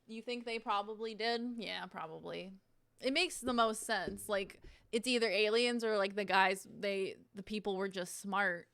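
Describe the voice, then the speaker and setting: A woman's voice: medium pitch, fairly even intonation, moderate pace, vocal fry, fairly bright tone, smooth, no room sound. A young woman streaming at home, chatting casually in a giggly, rambling and self-deprecating way as she reacts.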